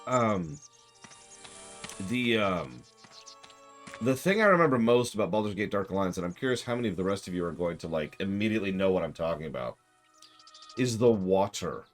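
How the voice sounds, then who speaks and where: Low-voiced, rambling male game streamer. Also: animated, moderate pace, long pauses, faint music behind. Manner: rambling, chatty, self-deprecating asides. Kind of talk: casual live game commentary.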